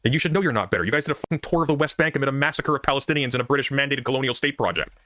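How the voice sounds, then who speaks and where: A man's voice: medium pitch, lively intonation, rapid-fire, sharp tone, no echo. A man on an online panel debate, arguing with sweeping claims.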